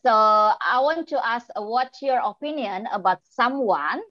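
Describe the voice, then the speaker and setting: A woman moderating a webinar, reading out audience questions in a halting way. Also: a little high, animated, sharp tone, no echo, muffled recording. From Indonesia. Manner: hesitant, halting with fillers.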